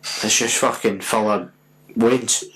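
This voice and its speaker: A man's voice: lowish voice, fairly even intonation, takes it slowly, pushed and bright, a little hiss or hum, poor audio. Sweary Scottish man telling a story. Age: 20s. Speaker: podcast co-host. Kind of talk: casual storytelling chat.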